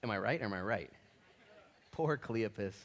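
A man pastor teaching a sermon Bible study in a church, animated and casual, with slangy jokes and asides. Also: on the low side, moderate pace.

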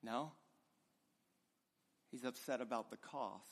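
A pastor preaching a sermon with passion, his voice swinging between loud and hushed. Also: medium pitch, slow pace. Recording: long reverb of a large hall.

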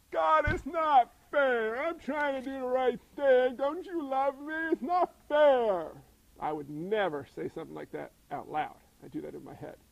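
A man preaching a sermon in an animated way, acting out voices and asking the congregation questions. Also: sits high, vocal fry, poor audio. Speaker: pastor.

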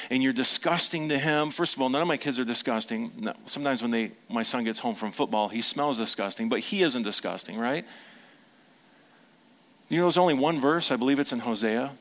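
A middle-aged male pastor preaching in a relaxed, conversational way. He speaks at a medium pitch, tells stories from his own family and keeps asking the congregation questions. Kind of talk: sermon.

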